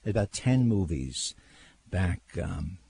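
An older man hosting talk radio, telling stories in casual chat with a husky voice and lots of repeated words. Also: low-pitched, takes it slowly. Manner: animated storyteller, repeats words, laughs.

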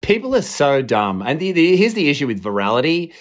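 A young adult man chatting casually as a podcast guest, lively and quick to slip into mocking voices. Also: on the high side. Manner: animated, slips into mock voices. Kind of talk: casual chat.

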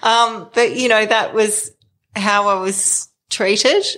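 A woman's voice: mid-range voice, fairly even intonation, takes it slowly, a bit bright. A middle-aged woman telling her own story in an interview, hesitant, with many fillers and restarts. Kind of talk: candid personal storytelling.

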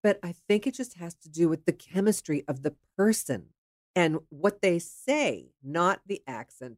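A frank, chatty woman from the Pittsburgh area tells a personal story with a lively, swooping delivery. Her voice sits fairly low for a woman, and the sound is close and dry. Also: no echo. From Pittsburgh area, USA. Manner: frank, chatty, occasional swearing. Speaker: storyteller sharing her dating life.

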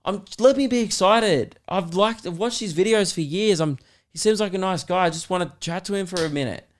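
A man quoting an excited young man who pleads to be allowed to chat. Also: sits high, a little fast, slight background noise, voice pushed up, lightly acted. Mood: pleading. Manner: pleading, eager.

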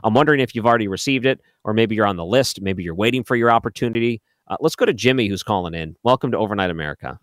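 A man's voice: on the low side, rapid-fire, hardly any pauses, fairly bright tone, no room sound, clean studio sound. A man hosting a late-night call-in radio show, talking casually with joking asides. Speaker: radio talk show host. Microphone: studio microphone.

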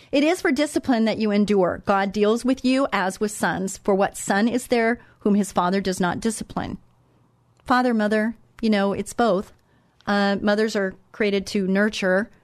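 A woman's voice: mid-range voice, dry recording. Middle-aged woman radio host, faith talk, conversational and repetitive, dry close mic. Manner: conversational, repeats words, says "okay?" and "you know". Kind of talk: Christian parenting talk.

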